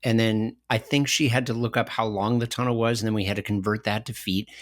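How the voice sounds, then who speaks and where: A middle-aged man with a low voice, co-hosting a podcast and telling anecdotes with animated energy, often breaking into laughter. The sound is dry and close, with no room around it. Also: fairly quick, no echo. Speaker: podcast co-host. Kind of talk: conversational podcast discussion.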